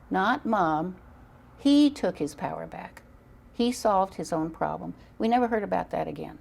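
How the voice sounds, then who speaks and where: A woman's voice: lowish voice, expressive, unhurried, vocal fry, darkish tone. An older woman as an interview guest on parenting, telling stories in an earnest, emphatic way. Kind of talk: interview storytelling.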